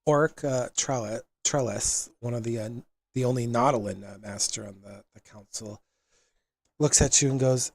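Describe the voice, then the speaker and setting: A man narrating as game master in a tabletop game, relaxed and filler-heavy. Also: mid-range voice, moderate pace, creaky, no room sound.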